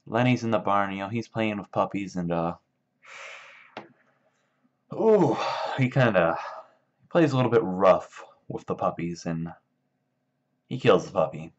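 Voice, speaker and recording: A man's voice: low-pitched, normal speed. A man casually retelling a book for laughs, in a loose, rambling way full of fillers. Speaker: video maker. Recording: dull lo-fi sound.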